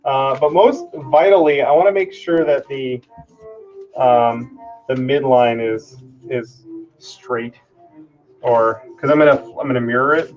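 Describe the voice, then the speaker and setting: A man's voice: mid-range voice, a little slow, lo-fi sound, soft background music. Chatty man demonstrating in his workshop. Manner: chatty, self-deprecating, thinking aloud while working. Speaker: prop maker hosting a live stream. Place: home workshop.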